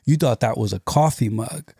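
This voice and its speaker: Guy in his 40s on a podcast, warm mellow voice, dry close sound, chatty and animated, keeps acting out what other people say. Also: medium pitch, moderate pace, gravelly, slightly rough, no room sound. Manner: lively storytelling with mocking quoted voices and restarts. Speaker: podcast guest, former pastor. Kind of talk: casual conversation.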